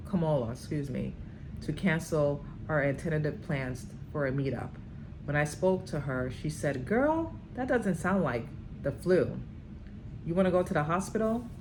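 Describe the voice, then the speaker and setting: Low-voiced woman reading dramatically. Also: background noise. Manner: emphatic, with sudden high outbursts. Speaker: vlogger reading a book aloud.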